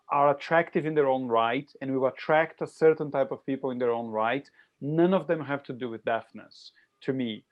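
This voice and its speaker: A man's voice: medium pitch, highs cut off. A man appearing as a podcast guest, reasoning carefully and restarting his sentences as he thinks. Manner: measured, reasoning step by step with restarts. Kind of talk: casual chat.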